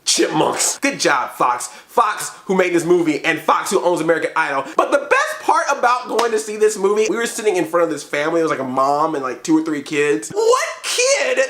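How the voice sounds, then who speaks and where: Man, comedic movie reviewer, animated and bright, roomy echo. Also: on the high side, a little fast, few pauses. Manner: animated, laughing, mock-outraged.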